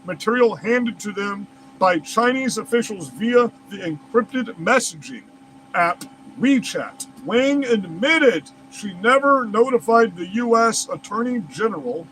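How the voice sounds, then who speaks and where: A man's voice: high voice, animated, unhurried, a bit bright, slight background noise, poor audio. A man reads news aloud and breaks off into heated, profane, incredulous rants as a commentary host. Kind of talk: reading news aloud and ranting over it.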